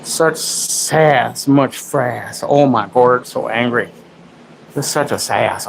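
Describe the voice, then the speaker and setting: Guy rambling on his livestream at home, clowns on himself, baby talks his dog, mid pitch, little hiss in the back. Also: slow pace, creaky, low-quality recording. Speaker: livestream host. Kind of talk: casual livestream chat.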